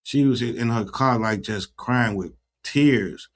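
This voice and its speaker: A man's voice: mid-range voice, slow. Man, channel host, casual livestream chat, earnest, repetitive.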